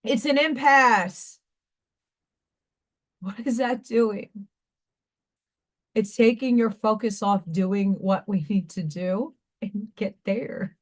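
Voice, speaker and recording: A woman's voice: medium pitch, slow pace, pauses often. A woman hosting a craft livestream, ranting in an emotional, repetitive way and sounding tearful. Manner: emotional, ranting, repeats herself. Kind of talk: casual live-stream monologue.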